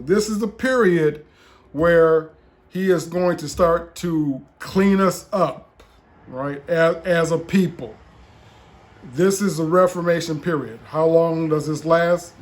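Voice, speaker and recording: Slow, solemn preaching man. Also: on the high side, darkish tone. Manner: slow and solemn when quoting revelations, with many restarts. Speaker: apostle. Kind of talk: preaching testimony and prophecy.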